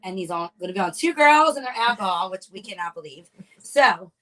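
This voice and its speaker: A woman's voice: mid-range voice, expressive, quick pace, a bit bright. A woman co-hosting a casual podcast, bubbly and enthusiastic, often laughing. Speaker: podcast co-host.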